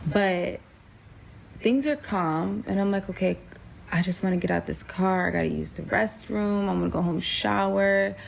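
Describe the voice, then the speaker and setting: A woman telling a personal story in a casual, animated way, acting out quotes and saying "like" a lot. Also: medium pitch, normal speed, vocal fry, slight background noise. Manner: animated, acts out quotes, frequent "like". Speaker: storyteller guest.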